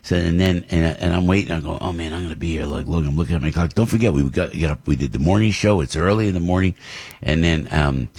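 A deep-voiced man hosts a morning radio show from a studio. He rambles from story to story and acts out the people he quotes, stumbling over restarts. His voice is husky and the sound is dry and close. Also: fast talker, darkish tone, no room sound. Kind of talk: casual radio talk.

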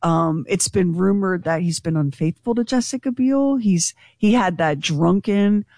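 A woman's voice: on the low side, no echo, clean studio sound. A woman radio host chatting casually and gossiping with her co-hosts. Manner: gossipy and animated, quick asides.

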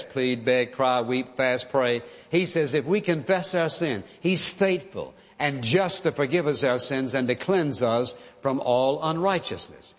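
A man delivers a sermon in an earnest, emphatic manner, now and then acting out pleading prayers. His voice sits a little high. The sound is dull and carries a long hall reverb. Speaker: preacher.

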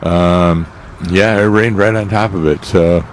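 A man co-hosting a radio gardening show in casual chat, talking haltingly with many fillers and restarts. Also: deep voice, fairly even intonation, a little hiss or hum.

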